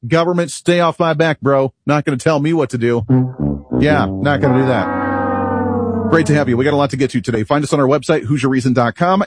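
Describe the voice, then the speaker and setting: A man's voice: on the high side, slightly rough, no room sound. A man hosting a talk radio show, delivering an opinionated, rambling monologue and laughing at himself, recorded at a studio microphone. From United States.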